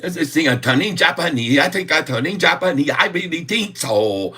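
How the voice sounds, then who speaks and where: Give me a laughing man chatting casually, with a bright tone. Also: on the high side, lively intonation, normal speed, husky. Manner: laughing, self-mocking, loose. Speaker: stock video host. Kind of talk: joking casual chat.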